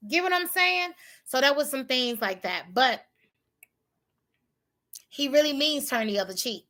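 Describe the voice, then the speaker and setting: A woman's voice: sits high, animated, a little slow, long pauses, bright, forceful tone. A woman hosting a livestream, talking casually and emphatically about faith with her viewers. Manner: emphatic, preachy, colloquial. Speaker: livestream host.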